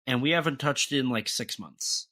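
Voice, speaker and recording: Young male podcast co-host, bright forceful tone, rambling chatty delivery full of restarts. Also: medium pitch. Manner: rambling, halting, many restarts and fillers. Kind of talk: casual podcast chat.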